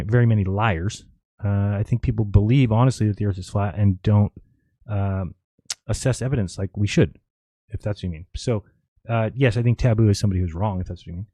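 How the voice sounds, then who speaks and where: A man's voice: lowish voice, dark tone, no room sound. A man hosting a live stream, casually reading viewer questions aloud and answering them in a rambling, offhand way.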